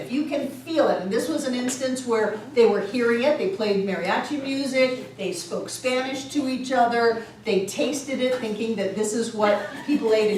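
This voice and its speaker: Woman, spiritual class teacher, fairly high voice, animated storytelling, laughs often, very echoey room, distant mic. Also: noisy background.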